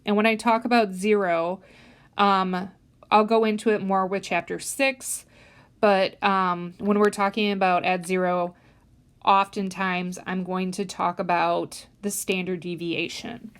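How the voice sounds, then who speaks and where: A woman's voice: mid-range voice, level tone, a little slow, clear, resonant tone. Woman lecturing with frequent ums. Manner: explanatory, many "um" fillers, stresses key words. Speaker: statistics instructor. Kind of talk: recorded lecture.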